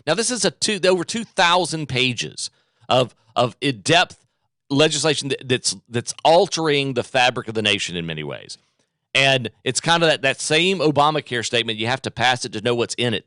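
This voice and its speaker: Emphatic talk radio host, lively pitch. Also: male voice, no echo, studio quality. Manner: emphatic, repeats phrases for effect. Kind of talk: political talk radio monologue.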